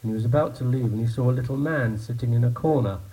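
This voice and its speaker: A man telling a comic story to a live audience in a slow, deliberate way with pauses. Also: medium pitch, dark tone, low-quality recording.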